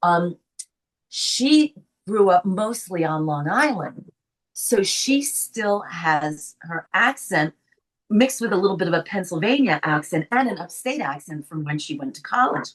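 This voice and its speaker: An older actress from the Bronx with a faint New York accent, telling stories in a casual interview and laughing often. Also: female voice, lowish voice, measured pace. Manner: animated storyteller, laughs often. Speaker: actress guest.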